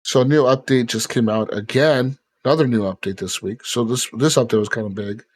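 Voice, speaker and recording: A man's voice: mid-range voice, fairly quick. A man hosting a podcast in casual chat, rambling with lots of fillers and swearing. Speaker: podcast host.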